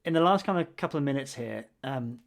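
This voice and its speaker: A man's voice: mid-range voice, animated, fast, vocal fry. A man co-hosting a podcast in casual chat, with wry, grumbling humor and frequent restarts. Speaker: podcast co-host.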